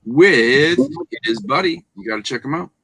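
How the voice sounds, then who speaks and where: A man co-hosting a casual livestream chat, who talks excitedly and hypes up the viewers in the chat. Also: medium pitch, moderate pace, breathy edge, no echo. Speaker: podcast co-host.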